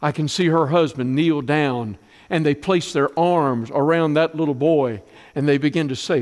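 A middle-aged man preaching a sermon, telling stories with feeling and dropping to a hushed, tender voice at moving moments. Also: a little high, normal speed, in a large hall. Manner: storytelling, emotional, softens to a hush in tender moments. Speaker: pastor.

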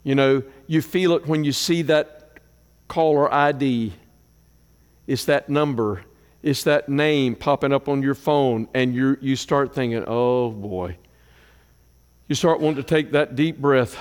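A man preaching a sermon as a pastor, moving between loud declarations and hushed prayer. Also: mid-range voice, fairly even intonation, a little slow, smooth. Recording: long hall reverb.

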